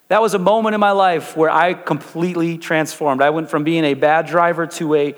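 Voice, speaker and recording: Young guy pastor preaching, kinda high voice, stumbles and restarts a lot, big echoey church hall. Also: steady tone, a little fast, hardly any pauses. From Chicago area. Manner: storytelling with many restarts and fillers, rising into preaching. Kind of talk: sermon.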